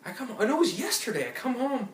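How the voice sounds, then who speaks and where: A man's voice: very high voice, very animated, fast talker, far from the mic. Man telling a rambling story. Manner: rambling anecdotes with profanity and restarts. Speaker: podcast co-host. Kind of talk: casual chat, storytelling. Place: apartment room. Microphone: phone or tablet recording. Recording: roomy audio from off-mic.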